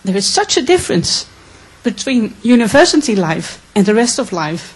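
A woman from the Netherlands speaks up from the audience, earnest and visibly emotional, often stopping and restarting. Her voice is husky and sits fairly high. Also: big pitch swings, moderate pace, poor audio. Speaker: audience questioner. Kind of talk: emotional question from the floor.

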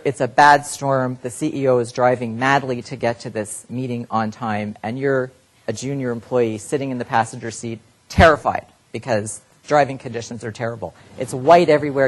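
Guy giving a talk to nurses, mid-range voice, talks straight to the crowd. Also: medium pitch. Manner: plain-spoken, addresses audience directly. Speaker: healthcare educator. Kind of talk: live lecture to clinicians.

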